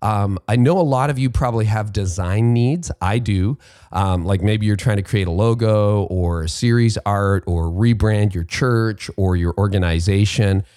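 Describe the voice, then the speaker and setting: A man's voice: lowish voice, normal speed, mellow, no room sound, clean studio sound. A man hosting a podcast, reading an ad and interviewing a guest in an upbeat, chatty way with casual fillers. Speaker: podcast host.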